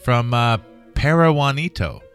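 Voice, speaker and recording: A man's voice: mid-range voice, lively intonation, measured pace, a bit bright, smooth, faint music behind. A man hosting a podcast, teasing his co-host with profane jokes in casual chat.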